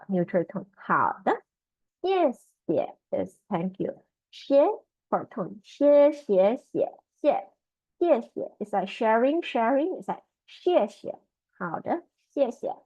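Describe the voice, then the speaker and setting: A woman's voice: medium pitch, a little mellow, dry recording. A woman leads an online Mandarin lesson, saying each syllable several times to drill its tone. The call audio is dry and close, with a slightly dull, muffled top end. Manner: drills tones by repeating syllables. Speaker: Mandarin trainer. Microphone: video call.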